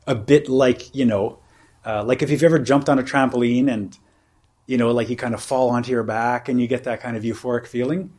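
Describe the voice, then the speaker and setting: A man leads a meditation retreat, explaining the practice in a loose, conversational way. He rambles and restarts his sentences, leaning often on "you know" and "like". His voice sits at a middling pitch for a man. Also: fairly even intonation, a little fast, a little mellow, breathy edge. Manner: casual and rambling, full of "you know" and "like" fillers. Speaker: meditation teacher. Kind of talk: informal dharma talk at a retreat.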